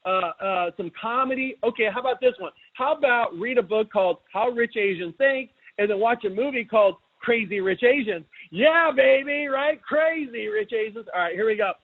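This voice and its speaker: A middle-aged man hosting a webinar, talking in a casual, energetic way and often asking his listeners questions. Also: high voice, brisk, few pauses. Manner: energetic, chatty, asks the audience questions. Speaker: webinar host. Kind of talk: casual motivational talk. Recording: tinny phone-like line.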